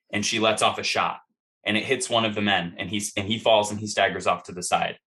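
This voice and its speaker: A man's voice: sits low, sharp tone. A man running a tabletop game as game master, narrating a scene in vivid, profane, rambling fashion with many fillers.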